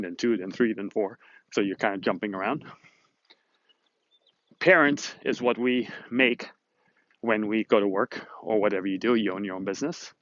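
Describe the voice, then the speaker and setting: Upbeat man, low voice, dull dry sound. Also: no room sound. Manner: upbeat, chatty and rambling, retells conversations. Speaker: host of a motivational video series. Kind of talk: casual talking-to-camera monologue. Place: Southern California.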